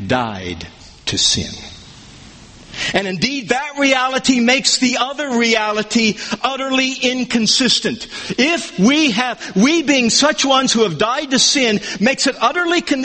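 A man preaching an expository sermon, emphatic and animated, swinging between loud declarations and low asides. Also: measured pace. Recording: long hall reverb.

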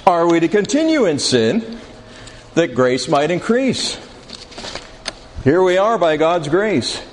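A man teaching a Bible class, speaking deliberately and putting questions to his students in a room with a board. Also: on the high side. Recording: reverberant hall, faint background noise.

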